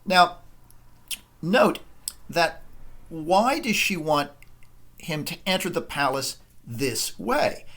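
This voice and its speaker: A man giving a literature lecture, thoughtful and unhurried, pausing often with uh and um. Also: fairly high pitch, a bit bright. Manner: thoughtful, with frequent uh and um pauses. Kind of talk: recorded lecture.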